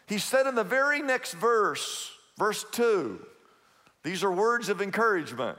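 A male pastor delivers an emphatic sermon in a high, ringing voice. He repeats key phrases and slows down to drive them home, and his words echo with a long reverb through the hall. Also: animated, bright, forceful tone.

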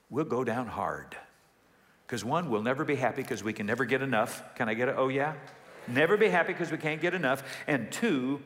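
A man preaching a sermon as pastor, telling jokes and stories with sudden excited rises. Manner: animated, jokey storytelling with sudden rises in pitch. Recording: long hall reverb.

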